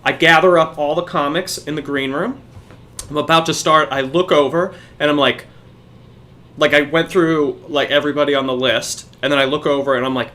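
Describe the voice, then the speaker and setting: A man's voice: fairly high pitch, brisk, bright, forceful tone. A young man, a podcast co-host, telling a profane story in casual chat.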